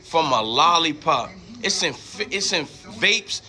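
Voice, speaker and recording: A man with a high voice and a sharp, bright edge tells a story in a casual podcast chat. He swears freely and jumps into the voices of the people in the story. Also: takes it slowly. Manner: animated, acts out quoted people. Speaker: podcast co-host.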